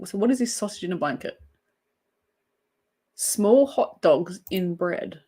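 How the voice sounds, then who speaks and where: An Australian woman hosting a casual livestream, giggling often and chatting as she reads viewer comments aloud. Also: medium pitch. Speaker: crochet livestream host. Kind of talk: casual live-chat banter.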